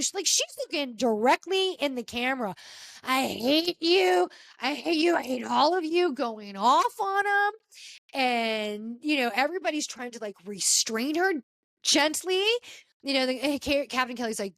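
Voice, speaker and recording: A woman hosting a casual podcast, telling a story with lively acted-out quotes from the people in it. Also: no echo. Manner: animated storyteller, acts out quotes with pitch jumps. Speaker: podcast host. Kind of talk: casual chat recapping a reality show.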